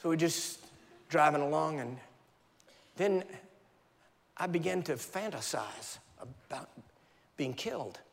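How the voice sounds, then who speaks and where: An American man preaches in a fairly high voice, telling a gripping personal story with dramatic flair. His words ring out with a long reverb from a large church hall. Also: animated, slow, vocal fry, pauses often. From United States. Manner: vivid, dramatic storytelling with sound effects. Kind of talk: storytelling sermon.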